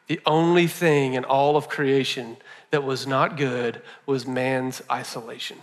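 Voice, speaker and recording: A man's voice: medium pitch, steady tone, unhurried, big-room sound. A male pastor preaching a sermon in a conversational way, repeating phrases for emphasis.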